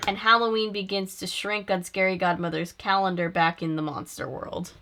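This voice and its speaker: Young woman, casual reviewer, wry and chatty, middle pitch. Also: fairly even intonation, normal speed, over music. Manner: chatty, wry, laughs often. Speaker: host reviewing a film. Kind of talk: casual commentary.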